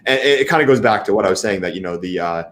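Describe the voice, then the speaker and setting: A man speaking as a guest in a casual panel discussion, halting with many fillers and restarts. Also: on the low side, lively intonation, fairly bright tone, slight background noise.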